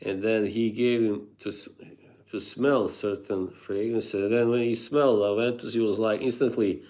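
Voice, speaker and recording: A man's voice: lowish voice, fairly even intonation, moderate pace, darkish tone. A man live streaming, chatting casually with viewers, rambling, laughing often and reading chat aloud.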